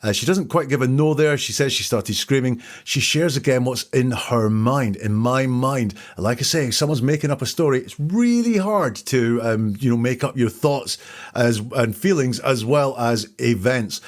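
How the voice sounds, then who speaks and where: Male podcast host; measured, analytical commentary at a mid-range pitch. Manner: measured, thinking aloud.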